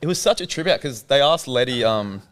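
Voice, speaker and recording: A man's voice: medium pitch, animated, fairly quick, a bit bright. An Australian man, a filmmaker guest, telling a story in a casual interview with a laid-back, loose manner and casual swearing.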